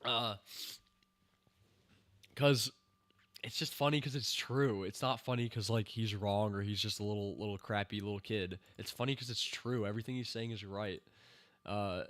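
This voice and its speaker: A man hosting a casual stream, reviewing a TV season scene by scene, rambling with fillers and breaking into excited cheers and laughter. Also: lowish voice, normal speed. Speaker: show host reviewing a TV season.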